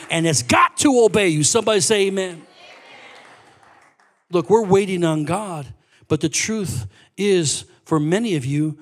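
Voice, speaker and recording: A man with a high voice preaches to his church. He tells his story with lively swings, dropping to quiet asides and then rising to loud, ringing exclamations. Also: measured pace. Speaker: pastor. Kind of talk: sermon storytelling.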